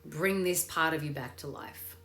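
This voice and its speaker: A woman's voice: low-pitched, moderate pace, creaky, a bit bright. A woman hosting a casual live chat that leads into a meditation, upbeat and swearing freely. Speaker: meditation host. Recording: echoey room with faint music.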